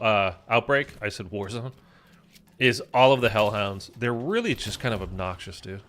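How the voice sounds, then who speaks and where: This gaming YouTuber plays a zombie shooter and chats casually, rambling and using many fillers. His voice is mid-range with a sharp edge to it.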